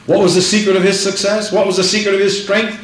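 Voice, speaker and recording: Fervent high-voiced man preaching a sermon. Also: flat delivery, quick pace, a little hiss or hum. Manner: fervent preaching, repeating phrases for emphasis, reading scripture aloud. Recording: echoey room.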